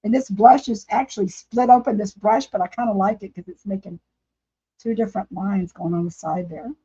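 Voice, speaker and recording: Here a woman speaks a little fast in a mellow, slightly rough voice of medium pitch. She's painting during a casual home craft livestream, chatting and laughing along with her viewers, and the sound is dull and lo-fi.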